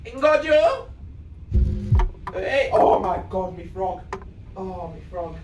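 A gamer commentating on a VR game, excitable and yelling spell words at it. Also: mid-range voice, slow, pauses often. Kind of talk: let's play commentary. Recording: echoey room, mic off at a distance, faint noise.

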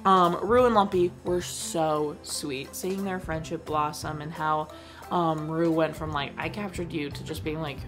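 Over music, a young woman with a low voice chats casually about a movie she just saw, filling her talk with fillers and giggles. Her intonation stays fairly even and her pace measured, like a movie review vlogger.

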